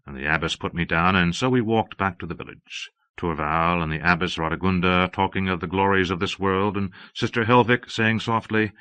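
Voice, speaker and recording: A man narrating a novel in a steady, even reading voice. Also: deep voice, normal speed, clear, resonant tone, no room sound. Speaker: audiobook narrator. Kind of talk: audiobook narration.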